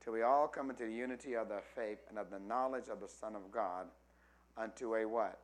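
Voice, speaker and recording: A man pastor preaching a call-and-response sermon, asking the congregation questions and stretching key words slowly for emphasis. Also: fairly low pitch. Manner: rises from quiet teaching to loud emphatic preaching.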